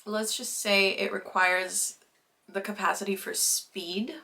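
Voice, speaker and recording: A young woman vlogging in a casual, chatty way at her family home, sometimes talking while she eats. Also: medium pitch. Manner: chatty and relaxed, with filler words and small laughs; talks with her mouth full while eating. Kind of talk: casual vlog chat.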